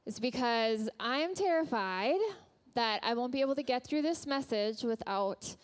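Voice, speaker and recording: A woman's voice: on the high side, animated, unhurried, clear, resonant tone. A woman giving a personal sermon to a church congregation, candid and a little self-conscious, with light laughs and fillers. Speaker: guest speaker at church. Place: church hall before a congregation.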